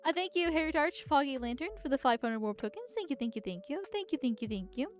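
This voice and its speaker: Chatty woman streamer, high voice. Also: expressive, fast talker, soft background music. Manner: chatty, blunt, with sighs and laughs. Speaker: vtuber host. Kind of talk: casual political commentary livestream.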